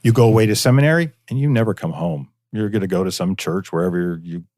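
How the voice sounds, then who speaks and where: This guest is a preservation society director from northeastern Pennsylvania, chatting through local history on a relaxed podcast with lots of filler words. He speaks fast in a deep, slightly mellow voice, and the studio sound is clean with no echo.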